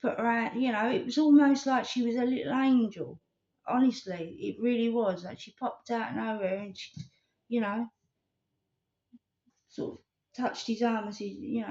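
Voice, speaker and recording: A woman's voice: a little high, moderate pace, pauses often, darkish tone. A woman, rambling earnestly in a casual vlog and telling stories with animation. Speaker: vlogger. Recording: slightly dull lo-fi recording.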